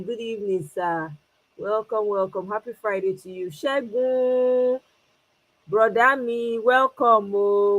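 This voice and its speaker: Nigerian lady chatting live on stream, bit breathy, mixing pidgin in, friendly greetings to everyone. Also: mid-range voice, poor audio. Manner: greets viewers by name, mixes English and Pidgin, laughs often. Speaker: livestream host. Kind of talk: casual livestream chat.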